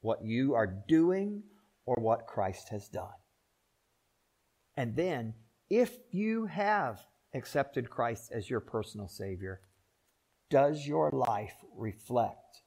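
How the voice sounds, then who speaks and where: An older man preaching a sermon as pastor, rising to loud emphatic peaks and dropping to soft, slow, drawn-out pleas. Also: mid-range voice, big pitch swings, creaky, breathy edge.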